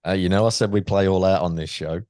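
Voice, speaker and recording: A man's voice: sits low, steady tone, quick pace, a little mellow, no echo. An English man hosting a podcast, chatting casually and laughing with his guest. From England. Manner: chatty, laughing, restarts often. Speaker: podcast host. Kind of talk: casual interview chat.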